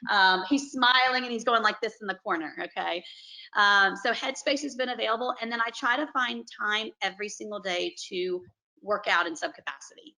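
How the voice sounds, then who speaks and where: A periodontist woman from Alabama, talking earnestly and warmly over a video call on a panel. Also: medium pitch, moderate pace, low-quality recording. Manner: earnest, effusive, says "y'all".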